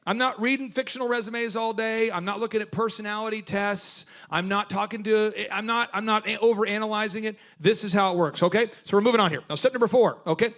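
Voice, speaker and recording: Male workshop host, high bright voice, lively storyteller. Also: fast, few pauses. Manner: animated storyteller, acts out voices. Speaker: business coach host. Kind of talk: energetic workshop talk.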